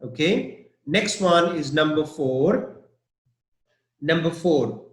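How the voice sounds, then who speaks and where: Slow, deliberate man teaching English. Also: fairly high pitch, animated, roomy sound, poor audio. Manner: slow, repeats each word many times for students. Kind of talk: online vocabulary lesson.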